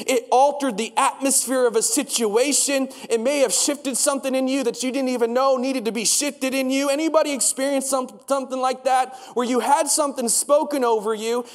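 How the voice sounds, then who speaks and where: A young man preaching a sermon, telling a story in a conversational way and asking the congregation questions. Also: extremely high pitch. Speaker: pastor. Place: church. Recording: long church hall reverb.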